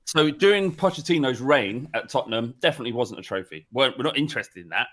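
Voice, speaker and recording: A man's voice: medium pitch, expressive, a bit bright. A man co-hosting a casual football podcast, emphatic and indignant. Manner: emphatic, indignant, quick to agree. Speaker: podcast co-host.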